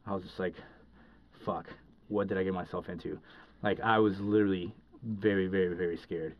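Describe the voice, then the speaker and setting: Low-voiced man telling a rambling story. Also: steady tone, brisk. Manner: rambling, heavy with fillers and restarts. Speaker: podcast guest. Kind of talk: casual storytelling. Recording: dull lo-fi recording.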